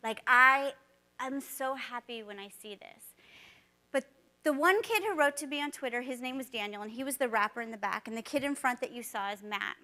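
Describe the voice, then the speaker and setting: A former teacher gives a keynote in a high-pitched, bright voice. She tells stories in an animated way and acts out the dialogue she quotes. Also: a little fast. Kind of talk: storytelling keynote talk.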